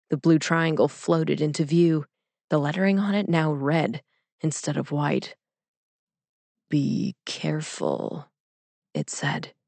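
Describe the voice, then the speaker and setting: A young woman with a low voice narrates a personal story in a calm, measured, inward-looking way. The recording is close and dry, with no room sound. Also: vocal fry, no echo. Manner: calm, measured, introspective reading. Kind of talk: audiobook reading of a personal story.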